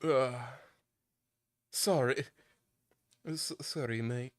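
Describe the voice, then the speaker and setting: A man at an ordinary pitch streams a story game, reading its lines aloud between jokes. He swears freely and trips over his own words with quick restarts. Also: a bit bright. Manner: joking, profane, stammering restarts. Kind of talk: casual let's-play chat, reading game text aloud.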